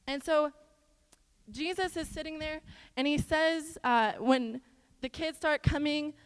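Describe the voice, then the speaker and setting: A young woman from Iowa giving a chatty church lesson in an animated way, with stories and asides to the listeners. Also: sits high, unhurried. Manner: animated, talks straight to the audience with asides. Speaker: church speaker. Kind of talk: chatty sermon with storytelling. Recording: long hall reverb.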